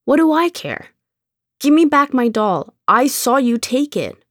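A blunt, bossy five-year-old girl from a storybook, put on by a woman reading aloud. She makes demands in a raised, childish tone at an unhurried, deliberate pace. The sound is close and dry. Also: sits high, very animated, dry recording, pitched above the performer's own voice, full character voice. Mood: demanding. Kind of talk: audiobook character reading.

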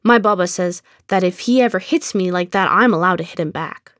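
A woman's voice: fairly low pitch, a little fast, fairly bright tone, no room sound, lightly acted. A woman doing a cheeky, coaxing young boy. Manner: coaxing, pleading, teasing. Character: cheeky persuasive neighbor boy. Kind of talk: audiobook character reading.

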